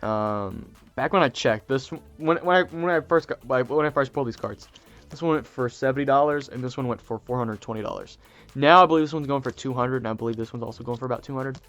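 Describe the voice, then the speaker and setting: Male host, mid pitch, chatty and excitable, rambling storyteller; faint music underneath. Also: quick pace, muffled recording. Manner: excitable, rambling, many fillers and restarts. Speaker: channel host. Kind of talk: casual storytelling to camera.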